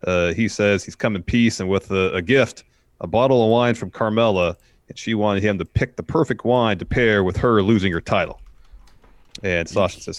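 A man with a very deep voice calmly walks through events on a wrestling podcast. His tone is relaxed and conversational. The recording is dry and close. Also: moderate pace, no room sound. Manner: relaxed, reads out recap of events. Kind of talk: casual chat recapping wrestling.

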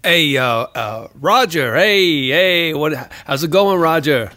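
A man's voice: a little high, expressive, slow pace, bright, forceful tone, no room sound, exaggerated voice. A man doing a brash New York schemer. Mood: pushy. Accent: put-on New York, slipping. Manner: blustery, swears, repeats himself. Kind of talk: improv comedy scene.

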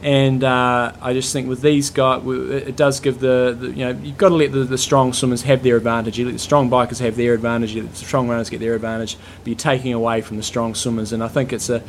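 A man's voice: mid-range voice, little pitch movement, quick pace, few pauses. A man, co-hosting a podcast in casual chat, telling stories in a loose, rambling way. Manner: rambling storyteller, loose and chatty. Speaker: podcast co-host. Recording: faint background noise.

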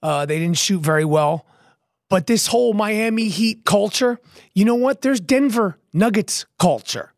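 A man hosting his own podcast, his voice hoarse and not at full strength, talking in a brash, profane, rapid-fire way and repeating catchphrases. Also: high-pitched, expressive, dry recording, clean studio sound. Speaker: podcast host. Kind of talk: hyped solo podcast monologue.

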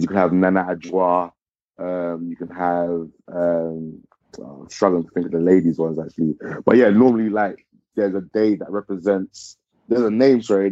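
A man from Ghana guesting on a podcast, talking in an easy, halting way with lots of filler words. His voice is very low and dark. The recording is dry and dull, with a lo-fi sound. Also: dry recording. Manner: relaxed, hesitant, many fillers. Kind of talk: casual podcast chat.

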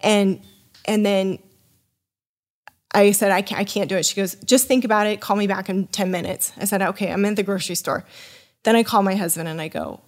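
A woman's voice: medium pitch, a little fast. Chatty woman telling a story. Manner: animated, acts out quoted dialogue; loose, full of fillers like "you know" and "like". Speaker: podcast guest, wine sommelier. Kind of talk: casual storytelling chat.

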